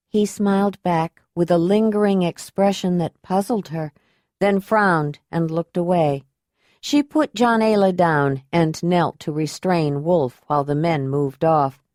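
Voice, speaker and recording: A woman narrating an audiobook in an even, unhurried storytelling manner. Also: fairly low pitch, no echo, studio quality.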